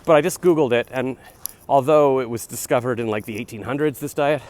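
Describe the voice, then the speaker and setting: A man's voice: mid-range voice, fairly quick, darkish tone. Rambling man in his forties vlogging outdoors. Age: 40s. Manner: rambling, self-deprecating, chatty asides. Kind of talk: casual rambling vlog while jogging. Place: outdoors on a city street. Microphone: phone camera held while jogging. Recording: faint street noise outdoors.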